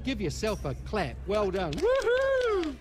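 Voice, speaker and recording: A man's voice: a little high, big pitch swings, a little slow, loud music behind the voice. Nz guy on kids radio, super encouraging, voice going all over the place up and down. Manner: encouraging, enthusiastic with young children. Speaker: children's radio presenter. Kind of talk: cheerful kids' vox-pop interview.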